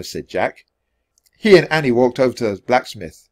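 A man reading a children's chapter book aloud for English learners in a clear, expressive way. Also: medium pitch, normal speed. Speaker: storybook reader.

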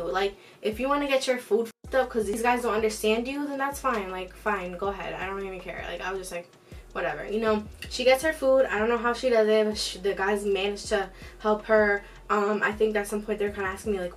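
Animated woman telling a storytime. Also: mid-range voice, brisk, far from the mic, faint music behind. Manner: animated, acts out quotes with shifting voices; swears freely, frequent "like" fillers. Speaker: storytime vlogger. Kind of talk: casual storytime while eating.

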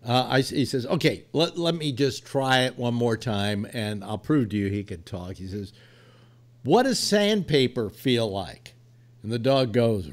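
A male host rambles through a casual chat at an ordinary pitch. He trips over his words, restarts, and leans on fillers as he goes. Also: animated, takes it slowly, pauses often. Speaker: radio show host. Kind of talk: casual chat and joke telling.

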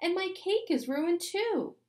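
A woman's voice: sing-song, takes it slowly. A woman voicing an upset, whiny little girl at her own birthday in a storybook reading. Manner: shrill, wailing.

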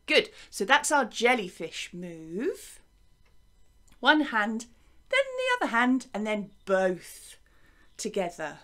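A woman with an English accent teaching young children a music and movement lesson to camera, gentle and encouraging, chanting along with the actions. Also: high-pitched, very animated, measured pace. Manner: gentle, encouraging, sing-song counting and chanting. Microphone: wearing a microphone.

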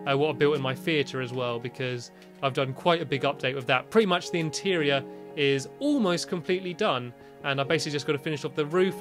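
A young British man chatting casually as he commentates his own gameplay, rambling and friendly. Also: mid-range voice. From Britain. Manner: chatty, rambling, shrieks when scared. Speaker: gaming YouTuber.

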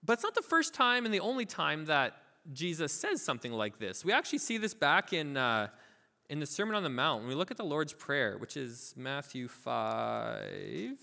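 A man preaching a sermon as pastor, telling a parable with lively asides and acting out the characters' voices. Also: on the high side, moderate pace, creaky, big-room sound. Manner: informal, filler-heavy asides. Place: church sanctuary.

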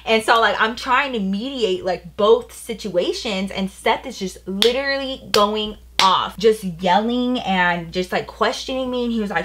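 A woman's voice: mid-range voice, measured pace, few pauses, a bit bright, a little hiss or hum. Chatty young woman telling a story. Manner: chatty, fills speech with "like" and "you know". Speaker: beauty vlogger. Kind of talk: casual storytime chat.

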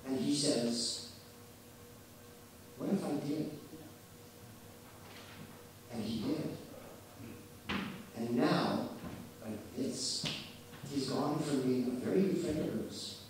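A man's voice: medium pitch, takes it slowly, long pauses. A Canadian man giving a conference keynote, telling stories with emphasis and acting out the voices of people he quotes. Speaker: keynote speaker. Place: conference hall. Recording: echoey hall, distant mic, faint background noise.

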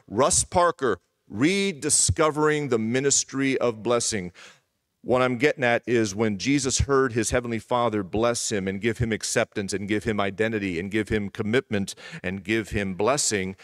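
A middle-aged pastor preaches a sermon in church with a medium-pitched voice, leaning hard on repeated phrases. He often drops into a hushed, intimate tone to pull listeners in, and the sound is dry and close with no room echo.

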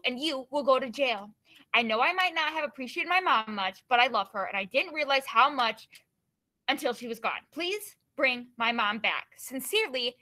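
Earnest, pleading girl demanding her mother back; woman reader doing a bright voice. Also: fairly high pitch. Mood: determined.

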